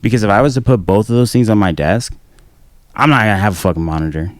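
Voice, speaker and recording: A man's voice: lowish voice, fast, dry recording, clean studio sound. A man in his thirties in a casual podcast chat, rambling and swearing freely. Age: 30s. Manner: profane, rambling, laid-back. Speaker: podcast host.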